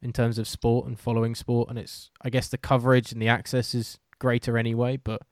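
Chatty British commentator, dry sound. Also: male voice, medium pitch, little pitch movement, a little fast, no echo. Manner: chatty, self-deprecating, many fillers and restarts. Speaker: host and sports commentator. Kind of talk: casual podcast chat.

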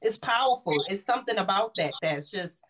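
A woman's voice: mid-range voice, a little fast, background noise. A woman in her forties, co-hosting a casual chat, telling stories and acting out what people said to her. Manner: animated storyteller, acts out quotes. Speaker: podcast co-host.

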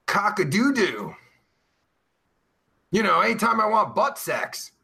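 A foul-mouthed man hosting a talk show, his voice gravelly and bright, swinging widely in pitch as he mocks, swears and laughs at the chat. His banter is crude and loose. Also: very animated, takes it slowly. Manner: profane, mocking, loud laughs. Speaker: podcast host reading live chat.

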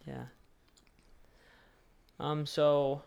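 A man's voice: on the high side, completely flat delivery, extremely slow, gravelly, darkish tone, smooth, lo-fi sound. A young adult man interviewing a fellow student, rambling and searching for words with lots of "like". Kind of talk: casual interview chat.

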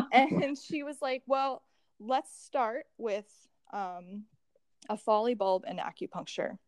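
Young woman guest, lively storyteller who plays out the dialogue; dry, close recording. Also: fairly high pitch, slow pace, no room sound. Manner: animated, acts out quoted dialogue, laughs often. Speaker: guest sharing birth story. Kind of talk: casual conversational storytelling.

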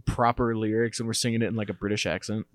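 A man's voice: on the low side, fairly even intonation, fast, no room sound. A man co-hosting a podcast, chatting casually and telling stories with jokes. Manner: joking, storytelling. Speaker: podcast co-host. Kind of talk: casual chat.

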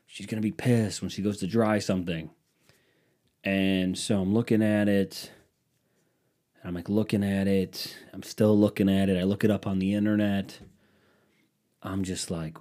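A man's voice: on the low side, fairly even intonation, moderate pace, dark tone. A young man hosting a solo podcast, telling rambling, profane stories in a scatterbrained way. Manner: rambling, profane, scatterbrained, mocking voices for quotes. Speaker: podcast host. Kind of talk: casual solo podcast storytelling.

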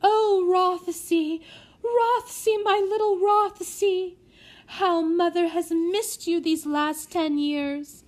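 Hysterical gushing lady of the manor, voiced by a woman, shrill and drawn out. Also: steady tone, slow pace. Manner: blubbering, gushing. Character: hysterical weeping aristocratic lady.

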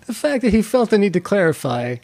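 A man's voice: sits high, very animated, a little fast, a little mellow, no echo. A man in his thirties from California, rambling as a podcast co-host with many restarts. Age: 30s. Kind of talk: casual podcast chat.

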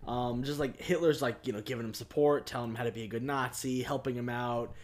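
A man's voice: medium pitch, fairly even intonation, fairly quick. A man rambling casually on a podcast about a film, with lots of fillers. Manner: rambling, filler-heavy, laughing. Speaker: podcast co-host.

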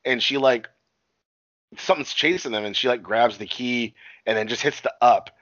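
A man's voice: medium pitch, steady tone, moderate pace, a bit bright, no echo. Man, casual movie recap, profane, rambling, dry dull recording. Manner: profane, rambling storytelling with acted-out quotes. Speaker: podcast co-host recapping a movie. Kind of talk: casual chat.

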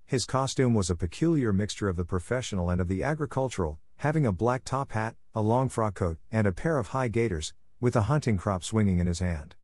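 Low-voiced male audiobook narrator. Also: expressive, a little mellow. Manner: measured storytelling. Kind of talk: scripted narration.

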